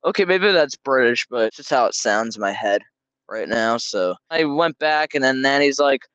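A man's voice: mid-range voice, normal speed, fairly bright tone, clear, resonant tone, dry recording, low-quality recording. A young man hosting a podcast and telling a story in a casual, rambling way, often correcting himself. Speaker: podcast host.

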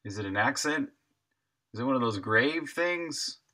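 A young man streams himself at his desk, chatting with viewers as he works. His voice is very bright and forward. He answers their questions in a loose, friendly way. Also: mid-range voice, lively intonation, unhurried. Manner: chatty, answers chat questions while working. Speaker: indie game developer and streamer. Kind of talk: casual live-stream chat with viewers.

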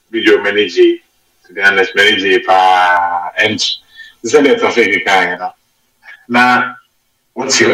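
Ghanaian man with a bright voice, roomy studio. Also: on the low side, recorded from a distance. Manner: animated, mixes Twi and English mid-sentence. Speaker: football pundit. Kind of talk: studio sports discussion. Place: radio studio. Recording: roomy and off-mic radio studio sound.

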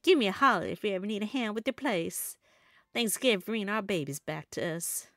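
A woman's voice: mid-range voice, lively intonation, fairly quick, a bit bright, no room sound, studio quality, pitched below the performer's own voice. A woman voicing a folksy miner dad from a game, reading his lines in a put-on Southern US accent. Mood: easygoing. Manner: drawling, folksy, laid-back. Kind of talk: reading game dialogue aloud.

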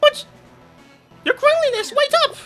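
A man's voice: very high voice, animated, unhurried, bright, forceful tone, voice pushed up, heavily acted, low-quality recording. A man voicing a fawning old female witch servant from a video game, prim and overly polite, over faint game music. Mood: alarmed.

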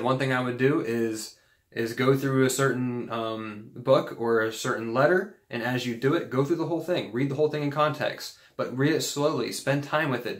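A man's voice: medium pitch, echoey room. A man giving an earnest, casual teaching talk on faith, rambling a bit with fillers and restarts. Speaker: Christian video host.

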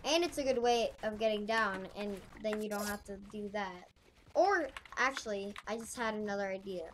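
A woman's voice: mid-range voice, normal speed, fairly bright tone, a little hiss or hum. Rambling female gamer over keyboard clicks. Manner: rambling, thinking aloud, self-correcting. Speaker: gaming channel host. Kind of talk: casual gameplay tutorial commentary.

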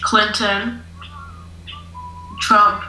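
A teenage boy answering questions quietly in short replies on a video chat. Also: high voice, little pitch movement, extremely slow, a little hiss or hum. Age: teens. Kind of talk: casual chat. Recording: echoey tinny video call.

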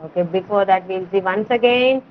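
A woman teaching letter sounds to small children in an online class, slow and coaxing, repeating words for them. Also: medium pitch, a little hiss or hum. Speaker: kindergarten teacher. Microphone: video call. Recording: dull lo-fi video call audio.

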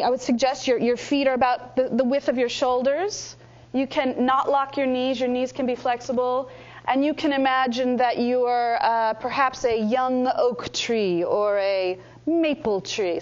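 A woman acting teacher guiding a workshop in a measured way, with frequent ums. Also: fairly high pitch, muffled recording. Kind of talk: workshop instruction.

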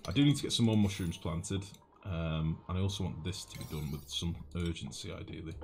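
A man with a low voice and a generic northern English accent talks through a game stream in a loose, rambling way, answering chat and swearing casually. Game music plays clearly behind him. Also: brisk. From northwest England. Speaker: gaming streamer. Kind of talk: casual gameplay commentary, reading chat.

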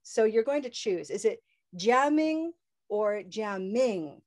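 A woman's voice: mid-range voice, lively intonation, moderate pace, warm tone. A woman teaching English pronunciation in a live online class, upbeat and leading call-and-response chants over a video call.

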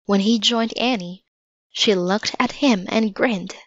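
A woman reading a children's storybook aloud in steady, measured narration. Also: mid-range voice, slight background noise. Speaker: storybook reader. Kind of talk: children's book read-aloud. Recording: dull lo-fi recording.

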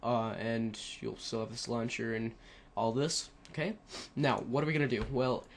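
A man's voice: mid-range voice, steady tone, moderate pace, slight background noise. A man casually talking through a computer tutorial on a headset, rambling with many fillers and self-corrections. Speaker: tutorial narrator. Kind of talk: casual screen-recorded tutorial.

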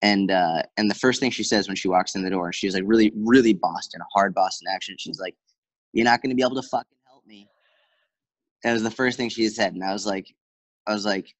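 A man's voice: low voice, no room sound, rough recording. A man, a fitness coach, talking casually in an interview, telling stories with quoted dialogue and lots of fillers. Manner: fast, animated storyteller with many fillers and quoted dialogue. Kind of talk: conversational interview.

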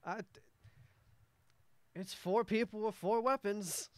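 A man's voice: high voice, fairly even intonation, takes it slowly, no echo, voice pushed up. A man doing a stammering, desperate merchant. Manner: stammering, pleading. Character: scraggly, desperate male merchant.

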